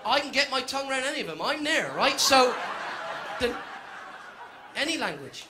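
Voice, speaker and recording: A man's voice: very high voice, sing-song, moderate pace. A man from Cornwall doing a stand-up comedy routine, telling a story with cheeky asides and silly put-on Spanish words. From Cornwall, England. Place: live comedy venue before an audience. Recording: audience murmur and faint noise.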